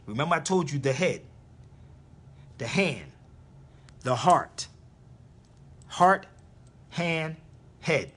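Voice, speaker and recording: A husky man lectures on a live stream, hammering home his points and repeating them. His fairly high voice rises and falls in a lively way. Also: takes it slowly, long pauses. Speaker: internet radio host.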